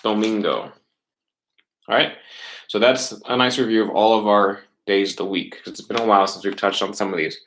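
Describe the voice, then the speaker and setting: Male teacher, lowish voice, patient webcam lesson delivery with frequent check-ins. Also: fairly even intonation, fairly bright tone, poor audio. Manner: patient, repeats words slowly, fillers and checks like "right?". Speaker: middle school Spanish teacher. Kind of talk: recorded online class lesson.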